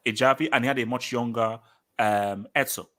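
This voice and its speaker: A British man hosts a live football talk stream in a medium-pitched, slightly bright voice with a steady tone and moderate pace. He reads chat messages and argues his points emphatically, often repeating lines for effect.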